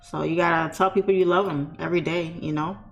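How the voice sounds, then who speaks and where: Gravelly-voiced woman chatting heart to heart. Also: low voice, steady tone, quick pace, muffled recording. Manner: candid, rambling, frequent you-know fillers. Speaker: trading streamer. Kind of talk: casual heartfelt chat.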